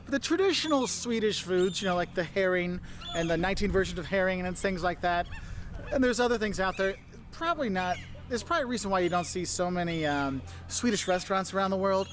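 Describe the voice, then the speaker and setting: A man presenting travel advice in a lively, chummy way, often acting out little voices. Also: high voice, fairly quick.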